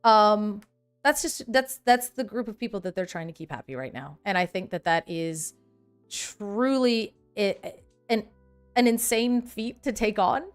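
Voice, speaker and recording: A woman's voice: mid-range voice, a little slow, clear, resonant tone, soft background music. A woman in her thirties hosting a casual livestream, chatting animatedly and reading viewer comments aloud. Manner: animated, chatty, reads chat aloud, laughs often. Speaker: livestream host.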